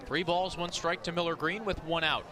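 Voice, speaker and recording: A man with a somewhat high voice calls a baseball game live from the booth. His delivery is brisk and tight on the pitches and bursts into shouts on the big hits. Crowd noise from the stands carries clearly behind him. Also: steady tone. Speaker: play-by-play announcer. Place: outdoor ballpark broadcast booth. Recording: outdoor ballpark crowd behind. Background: ballpark crowd.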